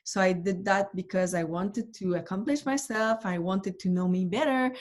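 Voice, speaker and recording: A woman guest speaker telling a story at a live event, lively and animated, often restarting her phrases. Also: medium pitch, normal speed. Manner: lively, animated, acts out quoted exchanges. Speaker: guest speaker, ocean rower.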